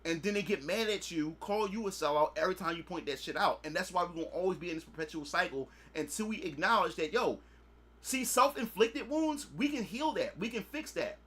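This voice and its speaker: A man's voice: high voice, expressive, a little fast, pushed and bright. A man hosting a podcast, talking in a blunt, profane, lecturing way and leaning on repeated filler phrases. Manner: emphatic, preachy lecturing. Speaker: podcast host. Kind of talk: casual podcast monologue.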